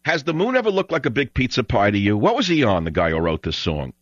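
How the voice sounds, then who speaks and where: Animated ranting male radio host. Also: mid-range voice, fast talker, no echo, soft background music. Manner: animated ranting, bursts into loud shouting. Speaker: radio talk show host. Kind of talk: talk radio monologue. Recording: dull lo-fi radio broadcast.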